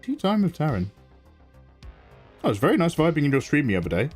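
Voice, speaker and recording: A man's voice: on the high side, wildly swooping pitch, quick pace, slightly rough. A man chatting casually with viewers on a live art stream while drawing, playfully snarky and greeting people by name. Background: faint synth music.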